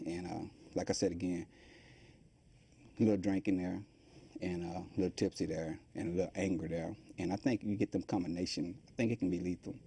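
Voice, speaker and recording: This middle-aged interviewee has a deep, gravelly voice and talks fairly quickly, with a little hiss or hum in the audio. He tells his life story loosely and colloquially, rambling and acting out the quoted voices of others.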